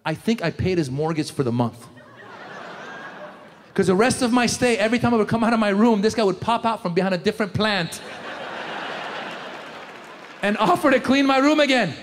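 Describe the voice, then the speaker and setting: A man's voice: high voice, moderate pace, long pauses, big-room sound, slight background noise. A man doing a stand-up comedy routine on a theater stage, bantering with the audience and acting out scenes. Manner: animated, jokey, audience banter, acts out scenes.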